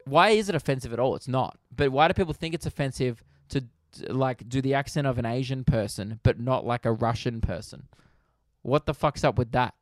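A man with an Australian accent, a comedian hosting his podcast, ranting casually with animated, profane energy. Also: mid-range voice, fairly quick, dry recording, clean studio sound.

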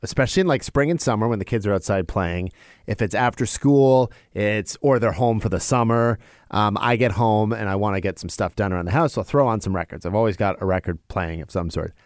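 A man in casual podcast chat, telling family stories with lots of laughter and jumping up in pitch for quoted voices. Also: fairly quick, dry recording, clean studio sound. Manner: animated storyteller, laughs often, jumps high for quoted voices. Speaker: podcast co-host.

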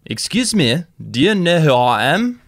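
Vain pushy rugby guy on a plane, squeaky and loud, the way a podcast host puts him on. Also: sing-song, measured pace, no echo, studio quality, exaggerated voice. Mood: eager.

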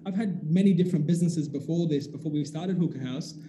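A man's voice: fairly high pitch, fast talker, dark tone, slight background noise. A man, telling a story in casual chat, acting out the dialogue with animation and swearing casually. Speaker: business owner telling a story.

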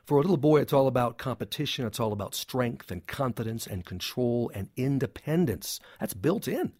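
A man's voice: medium pitch, lively intonation, fairly quick, a little mellow, breathy edge, dry recording. Emphatic male psychologist, dry sound. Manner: emphatic, punchy short sentences with humor. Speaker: clinical psychologist, guest. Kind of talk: interview conversation.

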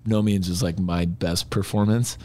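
A man's voice: low-pitched, moderate pace. A man, a musician guest, telling stories in a casual, rambling chat. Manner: rambling, animated storyteller.

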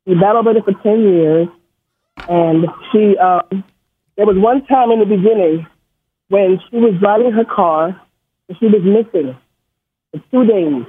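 Brief: high, husky man phoning in from New York, stutters, rambles emotionally, tinny phone line. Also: unhurried, long pauses. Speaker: caller. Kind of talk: call-in storytelling.

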